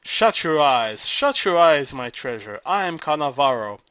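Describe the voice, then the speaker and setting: A man's voice: on the high side, sing-song, a little slow, bright, forceful tone, clear, resonant tone, dry recording, exaggerated voice. A male audiobook reader voicing a crafty, lusty man who coaxes with mock tenderness, on a dull, dry recording. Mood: coaxing. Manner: wheedling, mock-tender coaxing.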